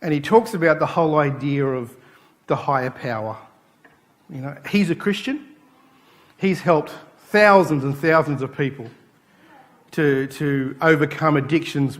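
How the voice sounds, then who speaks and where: A man's voice: medium pitch, normal speed. A man preaching a sermon in a church, telling stories and acting out the people in them. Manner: animated storytelling, acting out quoted voices. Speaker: pastor.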